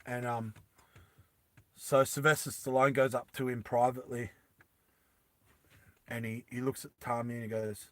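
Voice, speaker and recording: A man casually retelling an adventure story in a rambling, animated way with many fillers. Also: mid-range voice, normal speed, pauses often, no room sound.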